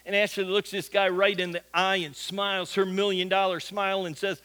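High, bright-voiced preacher telling a story. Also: male voice, little pitch movement, brisk, hardly any pauses. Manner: folksy anecdotal storyteller. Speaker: pastor. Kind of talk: sermon storytelling.

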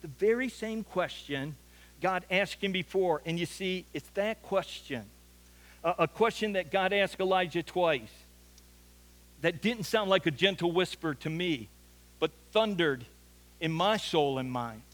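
A pastor preaches a sermon to his church, telling the story earnestly and circling back on words when he presses a point. His voice is rather high for a man, a little slow and fairly bright in tone. A long reverb from a large church hall trails behind it.

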